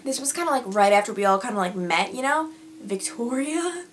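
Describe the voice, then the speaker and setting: A woman's voice: mid-range voice, expressive, fast, a little hiss or hum. A young woman telling stories casually to her vlog audience, chatty with lots of fillers. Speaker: vlogger. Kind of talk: casual storytelling.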